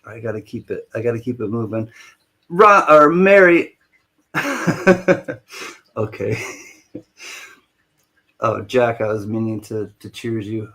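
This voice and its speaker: A man's voice: fairly low pitch, lively intonation, sharp tone. A man hosting a live online auction stream, greeting viewers one by one in a playful, joking way. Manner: playful and jokey, rattles off viewer names quickly. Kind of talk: casual livestream chat greeting viewers.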